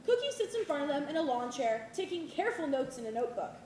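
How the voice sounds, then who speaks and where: A woman reading the stage directions aloud in a clear, measured voice. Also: sits high, big pitch swings, dark tone, a little hiss or hum. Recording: live reading in an echoey hall.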